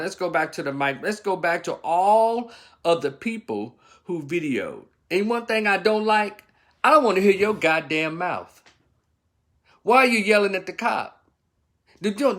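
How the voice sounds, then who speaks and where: A man's voice: on the high side, fairly bright tone. A man giving a blunt, profane, scolding opinion rant as a vlogger. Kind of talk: ranting commentary.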